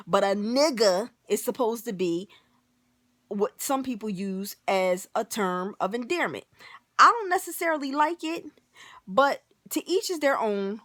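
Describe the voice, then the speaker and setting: High-voiced woman ranting emphatically. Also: no room sound, studio quality. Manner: animated, emphatic, profane, keeps saying "like". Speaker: vlogger. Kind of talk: ranting to camera.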